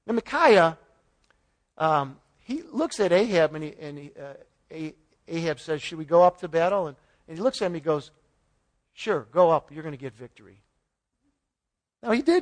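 A man giving an informal Bible teaching, retelling the story in a folksy way with paraphrased dialogue and chuckles. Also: high-pitched. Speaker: preacher.

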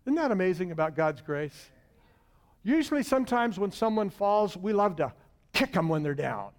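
A man preaching a sermon, swinging between booming emphasis and hushed, drawn-out lines. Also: lively intonation. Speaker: pastor.

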